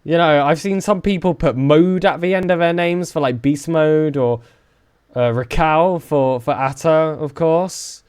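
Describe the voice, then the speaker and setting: A man's voice: measured pace, smooth. A young man from the south of England with a southern English accent, chatting casually with his live-stream viewers and joking around. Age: young adult. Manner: chatty and joking, with lively swings in pitch.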